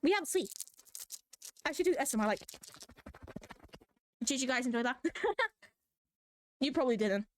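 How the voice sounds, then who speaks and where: High-pitched giggly woman rambling while drawing. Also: animated, moderate pace, long pauses, a little hiss or hum. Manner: giggly, scatterbrained, playful, self-mocking; bursts into squeaky exclamations. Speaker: manga artist drawing on stream. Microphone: desk microphone.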